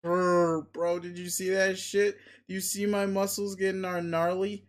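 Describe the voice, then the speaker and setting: A man reading a webcomic aloud, voicing a boastful, crude, muscle-obsessed male creature who swears loudly and gives commands. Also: high voice, little pitch movement, measured pace. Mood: bragging. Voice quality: loud, bragging, swears constantly. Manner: bombastic, pushy, commanding.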